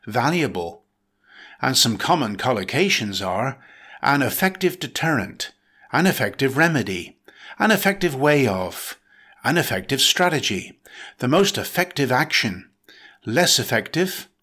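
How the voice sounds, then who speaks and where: A man reading a scripted vocabulary lesson, with clear and measured delivery. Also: mid-range voice, bright, forceful tone. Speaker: vocabulary teacher. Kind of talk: scripted dictionary narration.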